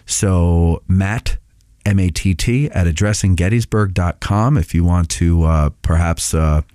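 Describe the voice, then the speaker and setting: Low-voiced man rambling through a show update. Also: measured pace, dark tone, dry recording, clean studio sound. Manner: rambling, many filler sounds and restarts. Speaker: podcast host.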